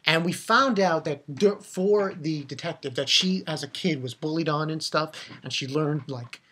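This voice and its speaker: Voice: medium pitch, normal speed, fairly bright tone, slightly rough. An anime reviewer giving a casual episode recap, rambling with frequent restarts and fillers and getting emotional about the story.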